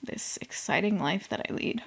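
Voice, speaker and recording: Her voice is mid-range, gravelly, and slightly rough, at normal speed: a young podcast host casually breaking down a reality show with sarcasm, lots of swearing, and constant "like" fillers.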